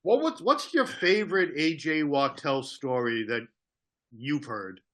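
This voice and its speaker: A man hosts a podcast and puts casual questions to his guest. His voice is a little high, and its pitch moves around a lot. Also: lively intonation, unhurried, sharp tone. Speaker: podcast host. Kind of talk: interview questions.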